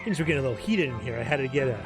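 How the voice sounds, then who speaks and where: A man's voice: mid-range voice, lively intonation, rapid-fire. A man streaming a game, chatting in a joking, crude, self-mocking way. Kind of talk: casual gameplay commentary. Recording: game music loud behind.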